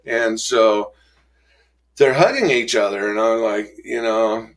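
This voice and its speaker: Rough-spoken man telling his story. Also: on the low side, takes it slowly. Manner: rough-spoken, acts out past exchanges in raised voices. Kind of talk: candid storytelling in an interview.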